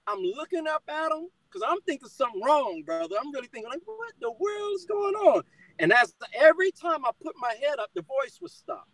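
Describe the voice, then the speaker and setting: A man's voice: very high-pitched, sharp tone, no echo, low-quality recording. A middle-aged man telling a personal testimony in conversation, fired up and calling the listener brother again and again.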